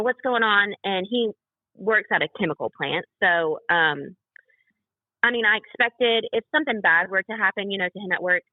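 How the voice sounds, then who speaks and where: A woman's voice: on the low side, dry recording. A young woman, a podcast guest, telling a personal story in a rambling way, full of fillers, acting out what others said. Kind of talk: personal story told in a casual interview. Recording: tinny phone-like dry sound.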